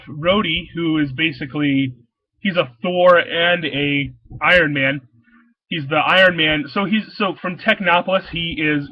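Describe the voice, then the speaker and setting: A man with a slightly high voice talks through his picks in a loose, enthusiastic ramble, tripping over restarts and fillers as he goes. The sound is a bit dull and muffled, close and dry with no room around it. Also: dry recording. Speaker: comic shop owner reviewing new comics. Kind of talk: casual rambling review.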